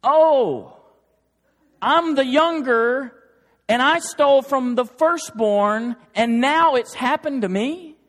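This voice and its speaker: A man's voice: very high voice, takes it slowly, fairly bright tone, in a large hall, voice pushed up, heavily acted. A man voicing a younger brother who suddenly grasps his own wrongdoing, speaking in a pleading, incredulous way. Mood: dawning realization. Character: remorseful younger brother realizing his guilt.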